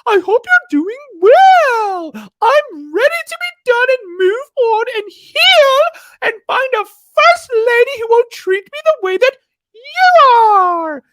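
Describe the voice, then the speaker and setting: Man putting on a squeaky whiny sobbing man. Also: very animated, slow pace, a bit bright, dry recording, full character voice. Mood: mocking whine. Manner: squeaky, mocking, sobbing whine. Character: whiny self-pitying man, mocked.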